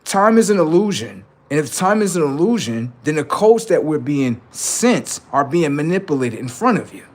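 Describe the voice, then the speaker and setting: A man's voice: on the high side, very animated, normal speed, hardly any pauses. A man on a live stream, chatting casually and swearing, then lecturing his viewers insistently about number codes.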